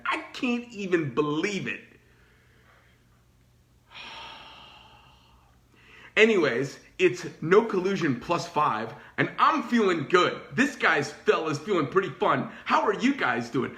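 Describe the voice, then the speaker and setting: A man's voice: fairly high pitch, fairly bright tone. A man who owns a knife company, telling a heated, profane story in a blunt ranting monologue. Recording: roomy echo.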